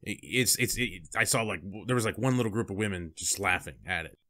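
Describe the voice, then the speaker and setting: A man's voice: lowish voice, fairly quick, pushed and bright. A man co-hosting a casual movie review. He swears freely, laughs a lot and acts out lines from the film as he recaps scenes.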